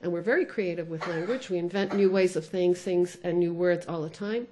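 A woman giving a conference lecture as a sociolinguist, thoughtful, often pausing with "uh" and slipping between English and French. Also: lowish voice, mellow, slight background noise.

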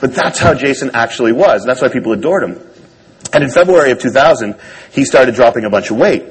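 A man with a slightly husky voice tells a personal story to an audience, speaking at a brisk clip. His delivery is wry and self-deprecating, the manner of a stage talk. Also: mid-range voice, animated, rough recording.

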